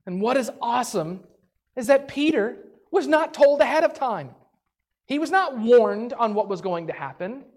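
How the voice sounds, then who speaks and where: A woman teaching a Bible story in a casual, animated way, chatty and full of "like", acting out the characters' lines. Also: on the high side. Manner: animated, acts out the characters' lines in quick voices; chatty, peppered with "like".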